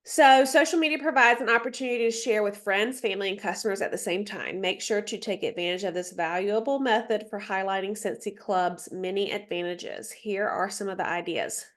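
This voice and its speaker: Here a congested-sounding woman talks briskly, with few pauses, at a medium pitch. She's coaching a sales team on a video call in a relaxed training session, going through slides. Her delivery is talkative and full of ums and side comments.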